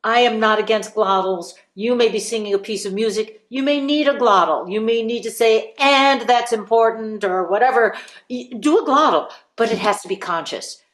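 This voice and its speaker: A woman's voice: a little high, normal speed, fairly bright tone. Encouraging woman voice teacher, roomy sound. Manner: encouraging, demonstrative, sings vowel examples. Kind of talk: live group voice lesson.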